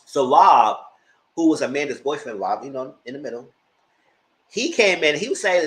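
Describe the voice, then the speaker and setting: Animated man recapping reality TV. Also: a little high, normal speed, rough recording. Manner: animated retelling with mock voices. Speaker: TV reality show commentator. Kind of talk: casual recap commentary.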